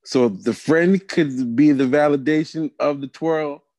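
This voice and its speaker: A man co-hosting a podcast in casual chat, playful and quick to laugh. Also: a little high, darkish tone, dry recording. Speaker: podcast co-host.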